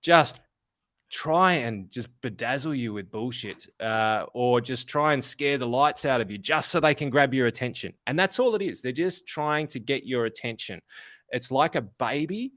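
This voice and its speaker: A man's voice: mid-range voice, animated, normal speed, fairly bright tone, dry recording. An Australian man co-hosting a finance podcast, talking bluntly and swearing freely in casual chat. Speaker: podcast co-host.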